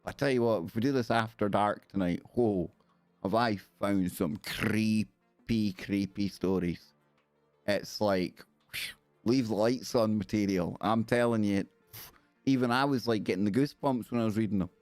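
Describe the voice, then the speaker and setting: A man's voice: on the low side, moderate pace, darkish tone, no echo, soft background music. Scottish man, rambling and jokey, chatting to his viewers on a live stream, dry sound. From Scotland. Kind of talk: casual live stream chat.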